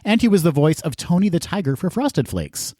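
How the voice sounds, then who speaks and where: Mellow-voiced man chatting on a podcast. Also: fairly high pitch, sing-song, brisk, no echo, studio quality. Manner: chatty, enthusiastic, laughs often. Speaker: podcast co-host. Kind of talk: casual podcast chat.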